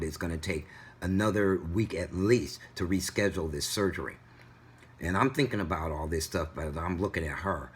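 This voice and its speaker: A man vlogging, retelling a story in an animated, indignant way. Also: low-pitched, husky. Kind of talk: casual storytelling vlog.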